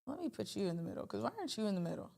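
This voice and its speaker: A woman streaming live from her desk, chatting away as she walks viewers through charts. She talks in an animated, easygoing way into a computer mic and reacts to her audience as she goes. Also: medium pitch, rapid-fire, gravelly. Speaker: trading livestream host. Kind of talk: casual livestream chat.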